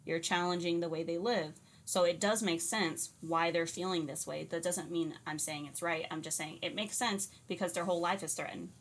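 A woman co-hosting a casual podcast, telling stories in an animated, blunt way and laughing often. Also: lowish voice, moderate pace, hardly any pauses. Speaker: podcast co-host.

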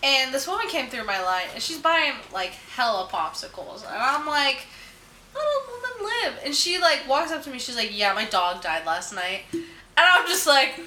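A woman's voice: high voice, normal speed. A young woman in her twenties telling stories in a casual chat, laughing often. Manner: giggly, animated storyteller. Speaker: podcast guest. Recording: echoey room with faint noise.

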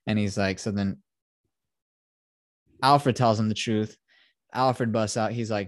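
A male podcast host rambles through a movie recap, swearing freely and acting out the lines. His voice sits a little low. The sound is dry and close. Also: steady tone, normal speed, dry recording. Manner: profane, rambling, quotes characters.

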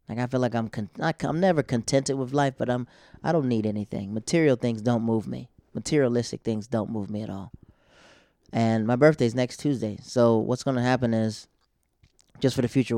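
A man's voice: mid-range voice, dark tone, dry recording. Rambling man comedian, dry close sound. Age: 20s to 30s. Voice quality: rambling, self-interrupting. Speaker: stand-up comedian. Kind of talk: casual chat.

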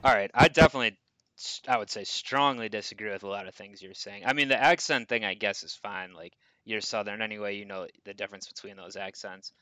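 A man's voice: on the low side, a little fast, dry recording, low-quality recording. A man co-hosting a casual movie podcast, talking through films and arguing his opinions with energy. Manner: animated, pushes back in debate. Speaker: podcast co-host.

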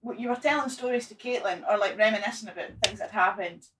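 A woman in her twenties telling an embarrassing story on a casual podcast, animated and sweary, laughing at herself. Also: medium pitch, fast talker, distant mic, rough recording. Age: 20s. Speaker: guest.

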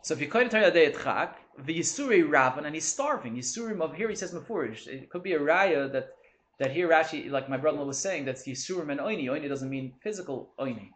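Animated man giving a Torah lecture. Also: on the high side, quick pace. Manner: animated, mixing Hebrew and Yiddish terms, acts out complaints. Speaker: Torah teacher. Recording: echoey room with faint hum.

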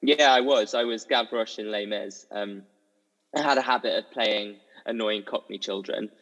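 A man's voice: fairly low pitch, moderate pace. Giggly young man in a reverberant room. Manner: animated, giggly storytelling. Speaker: guest, musical theatre performer. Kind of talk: casual chat. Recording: dull audio with long reverb.

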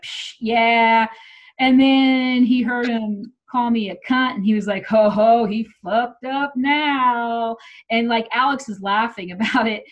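A middle-aged woman telling a personal story in casual chat, swearing freely and acting out what people said. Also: medium pitch. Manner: animated, profane, acts out quotes. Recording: muffled lo-fi audio.

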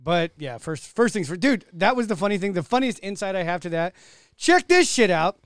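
A man chats casually, swearing freely and bursting into loud exclamations as he tells stories. The recording is dry and close, with no room sound around him. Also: sits high, fairly quick, smooth, no echo. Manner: profane, animated storytelling with loud outbursts. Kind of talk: casual chat.

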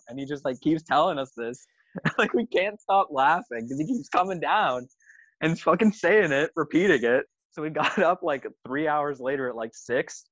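A man's voice: on the high side, expressive, moderate pace, fairly bright tone, no echo, muffled recording. A man in casual podcast chat, telling a tour story with lots of swearing and laughter. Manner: swears a lot, laughs through his story. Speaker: touring musician telling a story.

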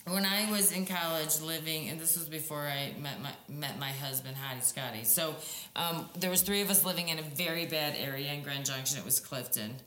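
A woman in her forties co-hosting a casual podcast, telling stories in an animated way and swearing freely. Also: low-pitched, brisk. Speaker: podcast co-host. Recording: roomy echo with faint music.

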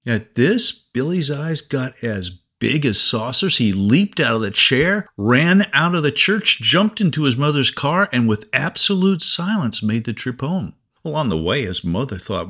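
A man's voice: medium pitch, sing-song, measured pace, hardly any pauses, pushed and bright. A man preaching a sermon for a podcast, telling a story with expression.

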